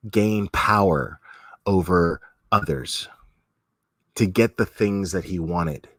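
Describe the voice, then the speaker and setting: A man's voice: sits low, a bit bright, no echo. A man giving casual commentary as a streamer, rambling with many restarts and frequent swearing.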